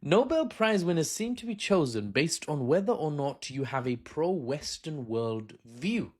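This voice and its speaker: A man's voice: fairly high pitch, sing-song, unhurried, a little mellow. A man hosting satirical political commentary in a sarcastic, mock-cheerful and self-mocking way. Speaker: commentary channel host.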